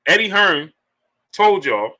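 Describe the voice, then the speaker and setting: A man's voice: high voice, slow pace. A man commentating on boxing during a live stream, reading super chats aloud and hammering his points with repeated rhetorical questions. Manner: animated, repetitive, emphatic rhetorical questions.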